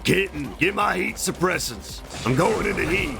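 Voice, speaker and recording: A whiny, overdramatic pirate captain, as a man mockingly puts him on, pleading and silly. The voice is pushed up and gravelly, with game music behind. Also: high-pitched, lively intonation, moderate pace. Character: mock male pirate captain, whiny and dramatic.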